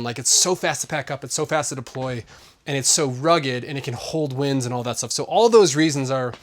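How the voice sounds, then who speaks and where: A man hosting a vlog, giving a casual and rambling product review full of fillers. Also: mid-range voice. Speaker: host.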